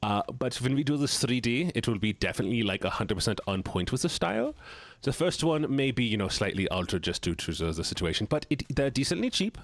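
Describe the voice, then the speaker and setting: A man chatting casually with his live-stream audience while playing a game, joking, playful and quick to laugh. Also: mid-range voice, sing-song, no room sound. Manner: playful and joking, laughs often, teases chat.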